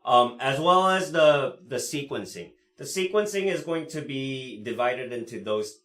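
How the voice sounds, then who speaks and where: A man teaching cello in a live lesson, explaining in a relaxed way with many fillers and frequent "right?" checks, pausing to play the instrument. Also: medium pitch. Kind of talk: live online music lesson. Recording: roomy sound with cello playing. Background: cello playing between phrases.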